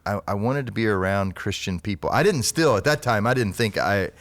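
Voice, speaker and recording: Low voiced guy telling old stories on a podcast, laughs a lot, dry close sound. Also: lively intonation, brisk, fairly bright tone, no echo. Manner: chatty, laughs easily while telling stories. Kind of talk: casual storytelling on a podcast.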